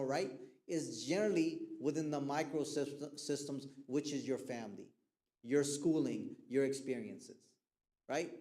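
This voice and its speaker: A man with a somewhat high voice gives a relaxed, conversational talk to a youth group on mental health. He keeps checking in with his listeners as he goes, and he tells stories vividly, acting out the voices of the people he quotes. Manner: animated storyteller who acts out quoted people.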